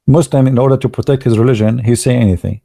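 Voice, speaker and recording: Gravelly-voiced man. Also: medium pitch, fairly even intonation, mellow, no room sound. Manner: halting, many fillers and restarts, sarcastic asides. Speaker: online commentator. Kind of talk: casual live commentary.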